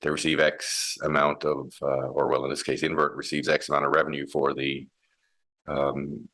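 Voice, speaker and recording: A man's voice: rumbling low, little pitch movement, normal speed, fairly bright tone. A man who heads a mining company, explaining his ideas in a thoughtful interview with many restarts and fillers. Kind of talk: conversational interview.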